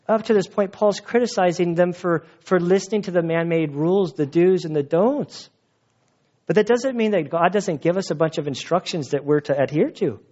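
Man, pastor, sermon, animated storytelling, laughs often, dull sound. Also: a little high. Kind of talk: sermon with closing prayer.

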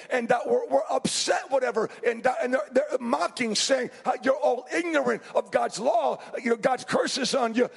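High, gravelly preacher with a husky edge. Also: male voice. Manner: fervent preaching, swinging between hushed and shouted passages. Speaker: pastor. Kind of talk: sermon. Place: restaurant hosting a Sunday service. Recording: long reverb in a large room.

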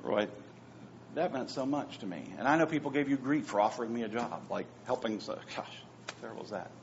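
A pastor preaching a sermon, swinging between hushed, near-whispered phrases and loud, emphatic repetitions. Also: male voice, medium pitch, a little fast, a little hiss or hum. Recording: dull lo-fi sound with faint ambience.

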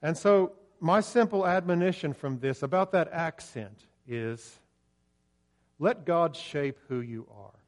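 A man's voice: a little high, animated, slow pace. A pastor delivers a sermon to his congregation. He talks earnestly and plainly, like he is chatting, with the odd stumble and restart. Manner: earnest, conversational preaching with hesitant restarts.

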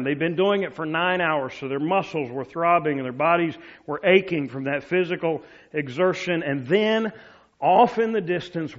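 Storytelling preacher, dull lo-fi sound. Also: male voice. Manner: storytelling, drops to a soft low voice for quoted words. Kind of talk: sermon.

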